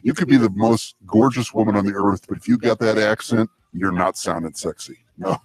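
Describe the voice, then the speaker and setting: A man's voice: fairly low pitch, fairly quick, a crowd in the background, low-quality recording. A man from the United States hosting a comedy talk show, chatting playfully, laughing and stammering often. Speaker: host. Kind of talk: casual comedy podcast chat.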